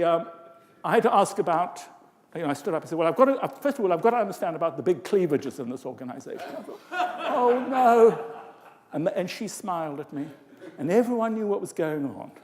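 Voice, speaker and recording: Speaking to a crowd in a big, echoing conference hall, this older English conference speaker keeps his lecture expressive, with vocal demonstrations and side remarks. His pitch is fairly high.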